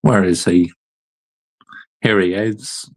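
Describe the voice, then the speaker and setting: A man's voice: low-pitched, slow pace, low-quality recording. A young man hosting a casual football reaction chat, laid-back and amused. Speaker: host.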